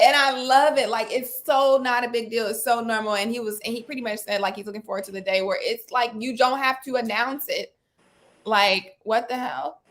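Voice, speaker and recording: A woman co-hosts a live talk show in a relaxed, chatty way. She talks with animation, throws in slang and quick asides, and keeps an easy conversational flow. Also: fairly high pitch. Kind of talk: casual chat.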